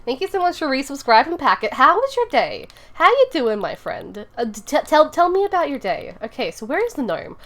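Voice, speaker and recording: A woman's voice: high voice, big pitch swings, a little fast, hardly any pauses, a bit bright, a little hiss or hum. A woman streaming from her room, chatting casually with viewers and thinking aloud as she builds in a game, rambling and giggly. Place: home room.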